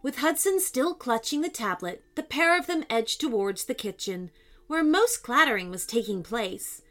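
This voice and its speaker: A woman's voice: on the high side, expressive, normal speed, fairly bright tone. A woman narrating a children's story expressively, voicing sound effects as she reads.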